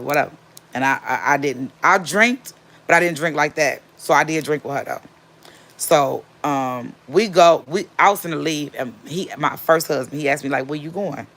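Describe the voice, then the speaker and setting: A woman casually telling a personal story, animated and repeating herself for emphasis. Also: sits low. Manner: acts out quotes of others.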